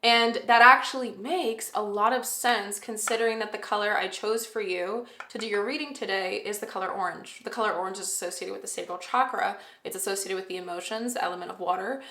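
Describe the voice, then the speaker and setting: A woman giving a casual, rambling tarot reading, often pausing to correct herself. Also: mid-range voice, pushed and bright. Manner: chatty, rambling, self-correcting, with fillers. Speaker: tarot reader. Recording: roomy echo.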